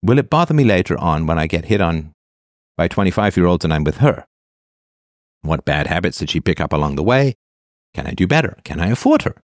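A man's voice: low-pitched, sing-song, fairly quick, no echo, studio quality. A man in his fifties casually reading posts aloud and commenting on them, with frequent "uh" and restarts. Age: 50s. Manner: reads a line then comments, with frequent "uh" and restarts.

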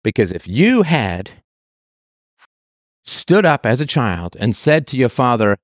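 A man's voice: mid-range voice, sing-song, takes it slowly, long pauses, no room sound, studio quality. A man hosting a call-in advice show, talking in an impassioned way and stacking emphatic lists.

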